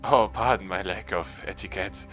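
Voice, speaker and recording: A man voicing a formal, courteous undead mastermind in a game, speaking in a measured way. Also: sits low, a bit bright, faint music behind. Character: polite undead zombie mastermind gentleman.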